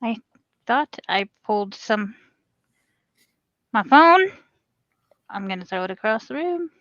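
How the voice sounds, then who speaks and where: Woman co-host, playful storyteller, slightly high voice, dull lo-fi sound. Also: very animated, slow pace, a bit bright, no room sound. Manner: laughs often, joking and storytelling. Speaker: podcast co-host. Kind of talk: casual chat.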